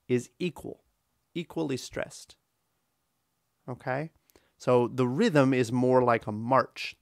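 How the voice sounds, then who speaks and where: A man teaching an exam listening lesson, explaining number pronunciation slowly and demonstrating rhythms by counting aloud. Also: mid-range voice, expressive, no room sound, clean studio sound. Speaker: English teacher.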